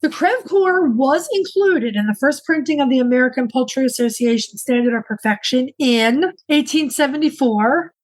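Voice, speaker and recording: Woman co-host, fairly high voice, easygoing banter with dry wit. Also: animated, normal speed, hardly any pauses, rough recording. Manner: chatty, dry humor. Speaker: podcast co-host. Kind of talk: casual chat.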